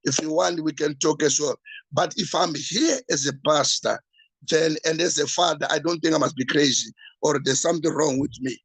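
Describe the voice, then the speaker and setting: A man, a pastor, giving an urgent, repetitive sales pitch at an evening meeting. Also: fairly even intonation, moderate pace, gravelly, breathy edge, no echo, low-quality recording. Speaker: pastor promoting a business.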